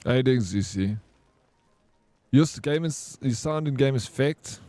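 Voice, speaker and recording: A man's voice: mid-range voice, expressive, unhurried, mellow, no room sound. A man in his thirties with a South African accent, chatting casually on a game livestream in a rambling, laid-back storytelling way. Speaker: streamer.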